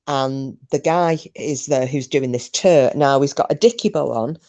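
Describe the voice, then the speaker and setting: A woman's voice: extremely low pitch, unhurried, mellow. A woman hosting a podcast, telling a story in a chatty, rambling way with frequent ums. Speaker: podcast host. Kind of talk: casual chat.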